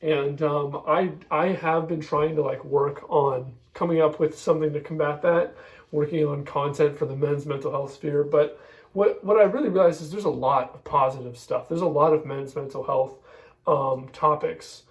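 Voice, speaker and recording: A man's voice: on the high side, steady tone, normal speed, roomy sound, distant mic, rough recording. A man talking casually to his viewers, rambling with lots of fillers and restarts while he is tearful. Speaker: vlogger. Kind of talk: casual confessional monologue. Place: home kitchen.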